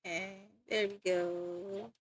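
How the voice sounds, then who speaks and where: A woman's voice: lowish voice, little pitch movement, slow pace, no room sound. A young woman streaming live while drawing, chatting playfully with viewers and giggling often. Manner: giggly, playful, rambling, talks to chat.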